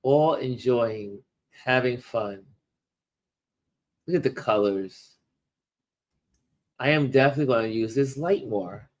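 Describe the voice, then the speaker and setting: Slow-talking man hosting a livestream. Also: mid-range voice. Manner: slow, musing, talks to viewers while showing photos. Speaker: livestream host. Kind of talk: casual livestream chat.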